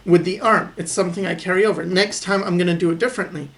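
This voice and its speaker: A man recording a voice-over as he sketches, calmly thinking aloud about his drawing habits and encouraging viewers to keep practicing. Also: high-pitched, quick pace, gravelly, slight background noise. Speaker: artist teaching drawing. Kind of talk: voice-over commentary while sketching.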